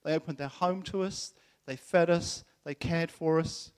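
A middle-aged man preaching a sermon, telling a personal story in an animated way and acting out the voices of people he quotes. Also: on the high side, measured pace, clean tone.

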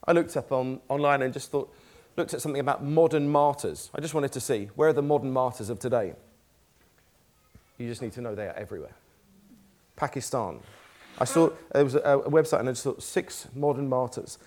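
A man's voice: mid-range voice, fairly quick, a little mellow. A man preaching a sermon in a church, reading scripture aloud in a conversational, lightly self-deprecating way.

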